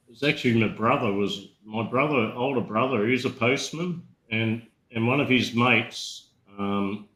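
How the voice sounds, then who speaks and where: A man's voice: lowish voice, bright, forceful tone, roomy sound, rough recording. A middle-aged man, talking bluntly and swearing freely as a guest in a casual chat.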